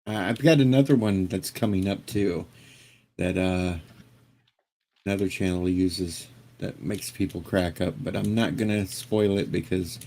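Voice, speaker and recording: A man hosting a livestream, chatting casually with a guest and his viewers in a relaxed, jokey way and stumbling into his sentences. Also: deep voice, measured pace. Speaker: livestream host. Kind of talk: casual chat.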